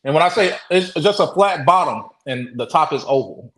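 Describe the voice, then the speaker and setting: A man guest telling a story in casual talk. He speaks haltingly, with many restarts, and acts out the quotes. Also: fairly high pitch, lively intonation, fairly bright tone, echoey room, poor audio. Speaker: interview guest.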